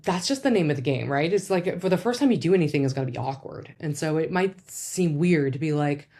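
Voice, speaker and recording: Speaking fairly quickly, a woman with a distinctly low voice offers advice like a laid-back psychologist in a casual educational talk. Her chatty delivery carries many fillers and asides, with abrupt pitch jumps as she shifts into quoted speech.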